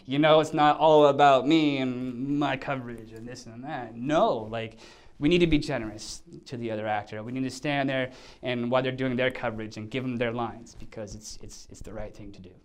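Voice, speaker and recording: A male actor telling an animated story in a casual chat, acting out quotes and sound effects. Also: medium pitch, moderate pace. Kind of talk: casual anecdote.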